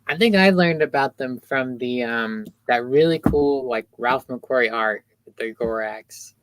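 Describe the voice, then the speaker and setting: A man's voice: medium pitch, no echo, poor audio. A man taking part in a casual book club chat, joking around. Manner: joking and quick to laugh.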